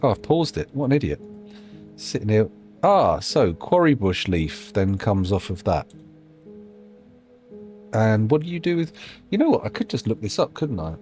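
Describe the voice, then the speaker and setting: A man with a low voice chats through a live gameplay stream, his pitch swinging about as he thinks out loud. He rambles and pokes fun at himself, with faint game music running underneath. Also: big pitch swings, moderate pace, long pauses. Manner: rambling, musing aloud, self-deprecating asides. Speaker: streamer playing a colony-building game.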